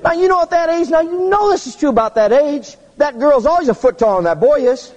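A man preaching a humorous sermon, telling stories in an animated way and jumping to squeaky high tones for effect. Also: fast, big-room sound, muffled recording, a little hiss or hum.

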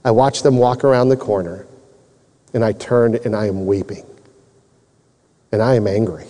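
A man's voice: lowish voice, normal speed, mellow. A man preaching, earnestly and emotionally telling a personal testimony. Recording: long reverb in a large hall.

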